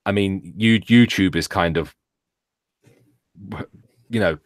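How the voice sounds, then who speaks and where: A man's voice: low-pitched, takes it slowly, dry recording, clean studio sound. A British man co-hosting a casual live-stream chat, sardonic and full of hesitant fillers. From Britain. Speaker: co-host.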